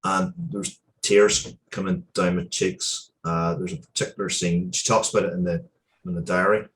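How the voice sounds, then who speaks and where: A very deep-voiced man speaks as an interview guest, earnest and heartfelt. He often pauses and restarts his sentences, with a faint hum of noise behind him. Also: little pitch movement, fairly bright tone. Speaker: interview guest, comic book writer. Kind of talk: casual interview storytelling.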